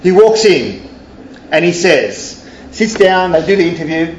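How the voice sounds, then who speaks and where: A man who teaches at a university tells a story to his audience in a chatty, checking-in way. His voice sits a little high. The sound is roomy and slightly dull. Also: sing-song, unhurried, slight background noise. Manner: conversational, keeps checking in with "yeah?" and "right?". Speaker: university educator and researcher.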